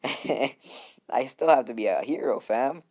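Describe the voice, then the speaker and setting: A man's voice: medium pitch, lively intonation, measured pace, a little mellow. A young man casually telling a fan story to his viewers, rambling, laughing often and swearing.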